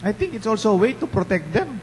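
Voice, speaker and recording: A man's voice: sits high, very animated, fast talker. A man with a Filipino accent, a parish priest giving a conversational homily and putting rhetorical questions to the congregation. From Philippines. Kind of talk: bilingual homily. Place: large church. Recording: long church reverb, faint hum.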